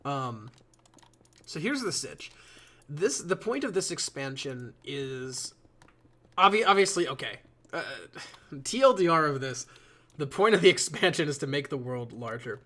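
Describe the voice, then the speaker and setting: A man's voice: medium pitch, sing-song, unhurried, pauses often, sharp tone. A man chatting casually to his viewers while building in a game, rambling and swearing as he goes. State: yawning a lot. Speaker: live streamer. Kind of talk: casual live-stream commentary while building.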